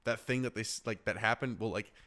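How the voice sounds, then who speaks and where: A young man hosting a podcast, chatting casually in halting phrases with lots of "like.". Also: lowish voice, bright, forceful tone. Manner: halting, filler-heavy, many "like"s. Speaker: podcast host. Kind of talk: casual chat.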